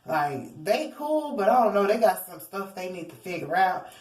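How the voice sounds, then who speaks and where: A woman's voice: mid-range voice, big pitch swings, normal speed, darkish tone. A woman giving a casual tarot reading to her viewers, rambling and theatrical, often calling them y'all. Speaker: tarot reader. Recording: roomy echo, distant from mic.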